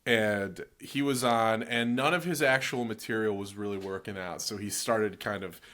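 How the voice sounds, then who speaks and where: A man's voice: lowish voice, normal speed, pushed and bright. A man co-hosting a podcast, telling an anecdote in a casual, easygoing way. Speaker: podcast co-host. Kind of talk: casual storytelling chat.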